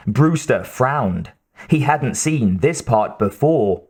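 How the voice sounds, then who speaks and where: Man, audiobook narration, measured, very slow pace, mid pitch. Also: breathy edge. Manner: measured, steady. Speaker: audiobook reader.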